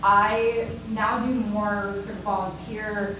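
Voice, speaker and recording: A woman's voice: medium pitch, little pitch movement, slow pace. Woman chatting on a con panel, mic far off, big echoey hall, noisy. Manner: chatty, many fillers and "right?". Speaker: costume volunteer panelist. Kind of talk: panel talk. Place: convention panel room.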